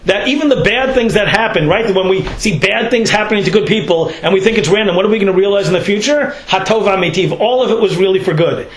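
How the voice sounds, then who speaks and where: A man's voice: high voice, fast talker, hardly any pauses, reverberant, rough recording. A man giving a Torah lecture, talking in a loose conversational way and often checking in with "right?" and "you know". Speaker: rabbi teaching a class.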